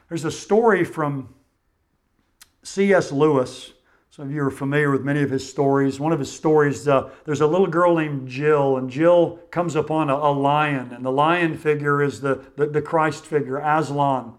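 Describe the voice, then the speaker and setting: A man preaching a sermon, earnest and measured, often dropping quietly at the ends of phrases. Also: fairly high pitch. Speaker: pastor.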